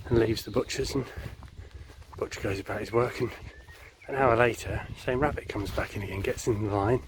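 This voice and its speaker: A man telling jokes in a rambling, deadpan way, outdoors in the countryside. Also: lowish voice, moderate pace, background noise. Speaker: joke teller. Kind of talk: casual joke telling.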